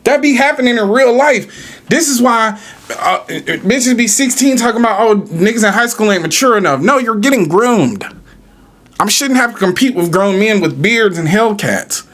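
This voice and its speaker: A man's voice: high voice, animated, moderate pace, fairly bright tone. A man hosting a podcast, ranting in a casual, profane, argumentative way. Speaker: podcast host.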